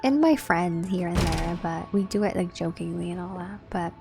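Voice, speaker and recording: A woman's voice: fairly low pitch, normal speed, gravelly, darkish tone, faint music behind. Chatty woman streamer. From Southern California. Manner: chatty, laid-back, reads and answers chat. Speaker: livestream host. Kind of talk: casual chat with viewers.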